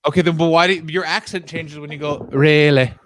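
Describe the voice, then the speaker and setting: A man hosting a casual comedy podcast, teasing his guests and quick to laugh. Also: on the high side, steady tone, a bit bright, a little hiss or hum. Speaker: podcast host.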